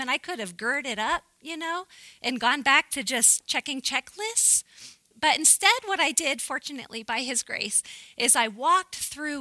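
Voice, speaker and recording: A woman giving an earnest, animated Bible teaching to a women's group, often laughing as she talks. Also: high voice, a little slow, no echo, rough recording.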